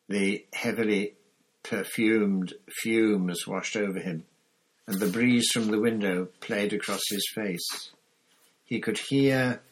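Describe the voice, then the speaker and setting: A man reading an audiobook chapter with measured, expressive storytelling. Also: lowish voice, breathy edge. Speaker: audiobook narrator. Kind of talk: scripted narration.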